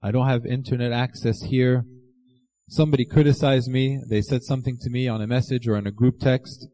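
A man preaching a sermon to his congregation, earnest, slowing down to quote scripture and the saints. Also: mid-range voice, steady tone, mellow, rough recording.

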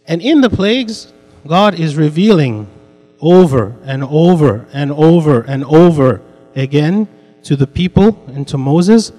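A man's voice: fairly high pitch, expressive, moderate pace, darkish tone, big-room sound, soft background music. A man teaching an interactive Bible class, repeating his points and putting questions to the students. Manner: repetitive, asks the class questions.

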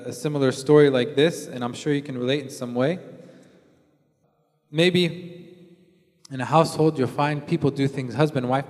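Preacher guy, chatty sermon, acts out scenes, voice a bit high, long echo like a big hall. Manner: conversational, acts out everyday scenes with quoted voices.

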